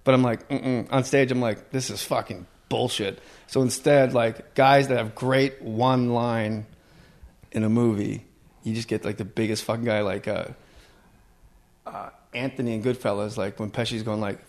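A comedian hosting a casual podcast chat, talking shop about impressions. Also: male voice, mid-range voice, moderate pace. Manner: lively, slips into movie impressions.

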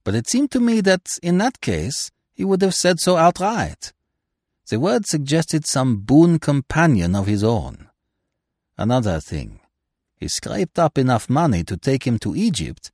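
A man voicing a calm middle-aged male detective in an audiobook reading, gentle, measured and grave. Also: mid-range voice, no room sound, studio quality.

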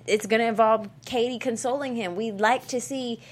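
A woman's voice: on the high side, fairly even intonation, moderate pace. Bubbly woman co-hosting a chat show. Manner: bubbly, laughs often, leads segments. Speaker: podcast co-host. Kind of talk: casual chat.

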